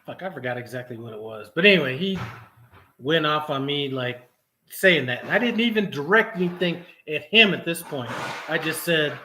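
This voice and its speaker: A man's voice: a little high, normal speed. A middle-aged man casually telling a heated story for his vlog, swearing often and acting out the dialogue. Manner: profane, animated retelling with quoted dialogue. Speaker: trucking vlogger.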